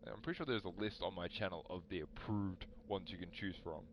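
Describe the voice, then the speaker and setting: Man, deep voice, rambling streamer story, slightly muffled mic. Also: brisk, background noise. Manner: rambling, animated, talks to chat. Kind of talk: casual storytelling on a live stream.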